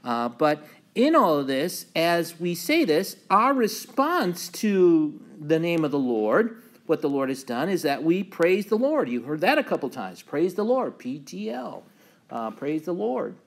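Pastor, male, slightly high voice, relaxed Bible class teacher, loose and filler-heavy. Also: measured pace, vocal fry. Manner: relaxed, many ums and uhs, reads scripture aloud with emphasis.

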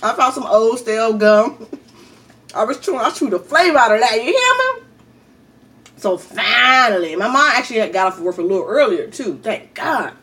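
A middle-aged woman tells a story in a chatty, animated way. Her voice sits high and leaps around a lot. She keeps turning to her viewers as she talks. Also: normal speed, distant mic. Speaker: vlogger. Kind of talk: casual storytelling.

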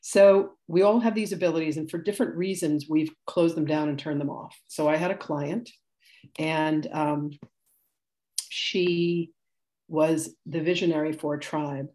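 A woman in her sixties with a low, mellow voice teaches a live spiritual class. She talks in a chatty, rambling way, laughing often and correcting herself as she tells stories. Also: fairly even intonation, unhurried. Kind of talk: live class demonstration, casual storytelling.

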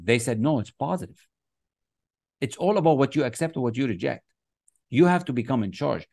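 A success coach teaches a motivational class online, writing on the screen with a mouse. His mid-range voice is a little mellow with no echo, and he speaks emphatically, repeating phrases and chanting affirmations.

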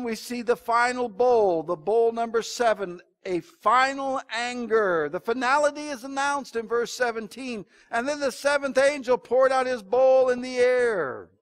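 A man with a notably high-pitched voice preaches an evening sermon in church. He drives his points home loudly, then drops to quiet, hushed asides for effect. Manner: dramatic preaching, swinging between loud emphasis and low hushed asides. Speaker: pastor.

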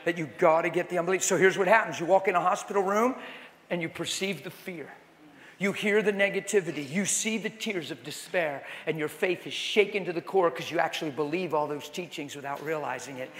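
Male preacher, high voice, animated storytelling, long hall reverb. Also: fairly quick. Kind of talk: sermon. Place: large hall with audience.

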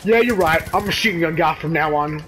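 Excitable high-voiced gamer man. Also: a little fast, slight background noise, poor audio. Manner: excitable, yelps in panic. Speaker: gamer co-commentating. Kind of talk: casual gameplay chat.

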